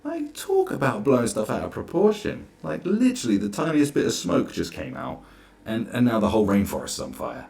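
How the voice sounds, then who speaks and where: Exasperated man with gravelly voice. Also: medium pitch, huge pitch swings, a little fast, a little mellow. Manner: exasperated, sarcastic, swears freely. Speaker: commentary vlogger. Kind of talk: ranting reaction commentary.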